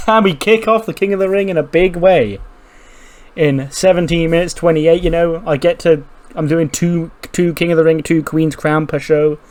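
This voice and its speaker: A man giving casual, chatty commentary on a game playthrough, quickly acting out the characters. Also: fairly high pitch, fairly even intonation, darkish tone.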